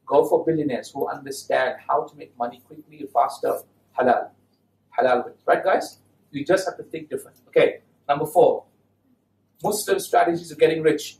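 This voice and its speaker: A man giving a lively talk to an audience, often asking the listeners questions. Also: a little high. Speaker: Islamic speaker giving a talk. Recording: echoey hall, mic at a distance.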